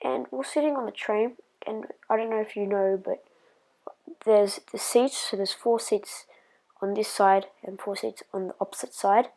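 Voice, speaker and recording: A woman's voice: mid-range voice, fairly even intonation, normal speed, vocal fry, warm tone, low-quality recording. A woman telling a personal story in a casual vlog, rambling and hesitant with lots of fillers, sometimes dropping to a whisper.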